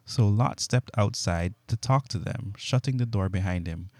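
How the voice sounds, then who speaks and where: A man reading scripture aloud in a steady, measured way. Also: lowish voice, dry recording. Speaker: Bible reader.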